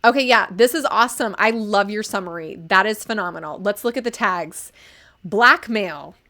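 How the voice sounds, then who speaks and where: A woman's voice: medium pitch, moderate pace, bright, forceful tone. A young woman reviewing stories live, talking casually and enthusiastically with lots of fillers and asides. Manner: gushing, enthusiastic, chatty with many fillers. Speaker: livestream book reviewer. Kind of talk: casual live-stream commentary.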